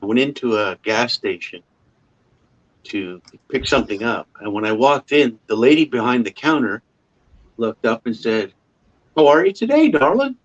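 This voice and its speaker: A man's voice: fairly low pitch, moderate pace, fairly bright tone, dull audio. A man with a Canadian accent chatting casually as host of a livestream, a rambling storyteller who chuckles often.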